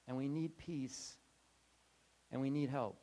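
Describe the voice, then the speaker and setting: A man with a medium-pitched voice gives an animated, chatty sermon in a conversational style. He slips into quick acted-out voices and restarts often.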